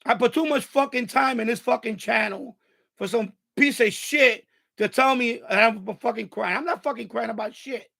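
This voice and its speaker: Man, stream host, angry profane rant, gravelly, very high voice. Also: moderate pace, sharp tone. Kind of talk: live stream rant to chat.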